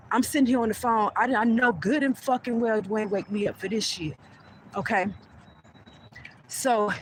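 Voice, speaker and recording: A woman telling a heated personal story to her viewers, profane and animated, speaking straight to the audience. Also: medium pitch, a little hiss or hum. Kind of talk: casual storytelling rant.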